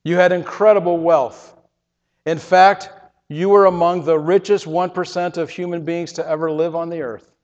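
A man plays a grave divine judge who speaks in a soft, low, deliberate voice, yet the voice still sits fairly high for a man. The sound is dull and lo-fi and carries a long reverb tail. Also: fairly even intonation, natural voice. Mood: solemn. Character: solemn gentle male divine judge.

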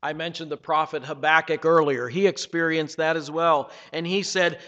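A man preaching a sermon, reading scripture dramatically and swinging between loud passages and hushed ones. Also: a little high, fairly even intonation, moderate pace, few pauses, long reverb tail, muffled recording. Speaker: pastor.

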